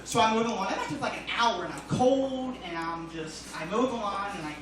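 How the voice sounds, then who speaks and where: Male stand-up comic, lively up-and-down voice, loose rambling delivery, distant phone recording, echoey club, audible room noise. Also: sits high, a little fast. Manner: casual, loose delivery with many uhs and sudden loud jumps. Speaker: stand-up comedian. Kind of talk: stand-up comedy set. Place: comedy club stage. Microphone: phone filming from the audience.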